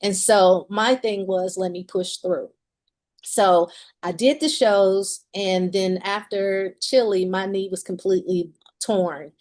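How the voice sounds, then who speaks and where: A woman's voice: medium pitch, steady tone, takes it slowly, darkish tone. A woman in her forties, a musician and author, candidly telling a personal story in an interview and laughing often as she talks.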